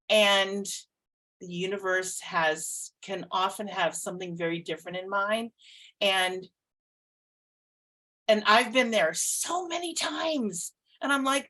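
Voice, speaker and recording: Woman, psychic and podcast co-host; casual chat, animated, laughs a lot, salty language. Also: medium pitch, a little slow, low-quality recording. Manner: animated and expressive, laughs often, swears casually.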